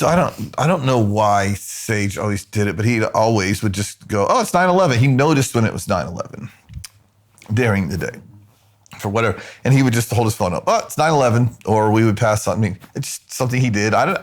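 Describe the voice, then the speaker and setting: A man's voice: lowish voice, lively intonation, brisk. A man, a podcast host, talking casually with his wife in a rambling way. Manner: rambling, with many restarts. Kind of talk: casual conversational talk.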